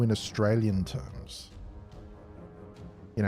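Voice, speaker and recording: A man's voice: medium pitch, a little slow, pauses often, mellow, soft background music. A man streaming a factory-building game, chatting and joking casually with his viewers. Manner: jokey, chatty, responds to chat aloud. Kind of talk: casual live-stream chat.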